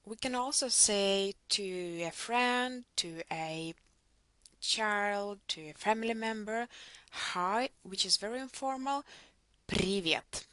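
A woman's voice: medium pitch, takes it slowly, a bit bright, smooth, no echo. A woman teaching a language lesson, patiently modelling words for the listener to repeat. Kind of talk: slow instructional lesson.

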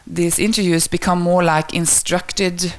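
A woman with a low voice gives an academic research presentation. Her tone carries a noticeable gravelly fry. She speaks hesitantly, pausing often with fillers and restarting her sentences. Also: little pitch movement.

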